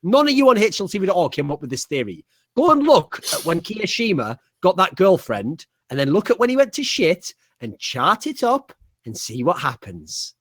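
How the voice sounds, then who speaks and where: A young man co-hosting a podcast, roasting people in profane, rapid-fire banter. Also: high-pitched, wildly swooping pitch, a bit bright, dry recording. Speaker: podcast co-host.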